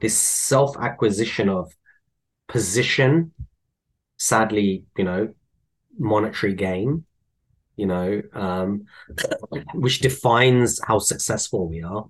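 A man, chatting casually and telling animated anecdotes. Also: fairly low pitch, slow pace, pauses often, breathy edge. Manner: animated storyteller, acts out voices in anecdotes. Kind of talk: casual conversation.

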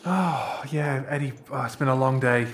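A man's voice: mid-range voice, moderate pace, a little hiss or hum, natural voice. A man voicing an earnest young musician who is held captive and talks in a hesitant, apologetic way. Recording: echoey room.

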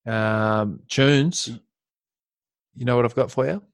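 A man's voice: mid-range voice, slow, clean tone, no echo. A man co-hosting a podcast in laid-back, casual chat, swearing freely. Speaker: podcast co-host.

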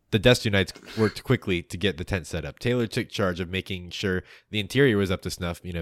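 A man with a very low, deep voice narrates a tabletop adventure as game master, in a measured and playful storytelling manner. He also delivers the podcast's announcements and sign-off. The sound is dry and close, with no room to it. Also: no echo.

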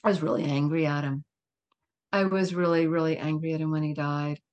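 A woman's voice: deep voice, steady tone, brisk, a little mellow, highs cut off. A middle-aged woman speaking as a guest in an interview, telling a personal story in a candid, emphatic way with laughs and asides.

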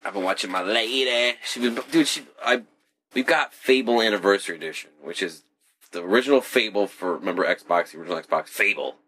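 A man's voice: lowish voice, fairly quick, fairly bright tone. A young man co-hosting a podcast in casual, rambling, profane chat. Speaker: podcast co-host.

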